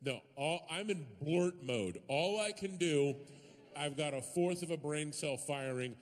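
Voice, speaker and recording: Animated comedian shouting in a big hall. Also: male voice, unhurried. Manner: animated, jumps into high shouting bits. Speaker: stand-up comedian. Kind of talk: stand-up comedy. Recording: live hall with long reverb.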